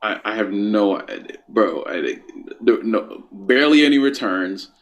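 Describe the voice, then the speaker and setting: A man's voice: lowish voice, big pitch swings, measured pace, dull audio. A man co-hosting a wrestling chat, stammering and repeating himself, sounding deflated. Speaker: wrestling podcast co-host. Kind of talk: casual chat.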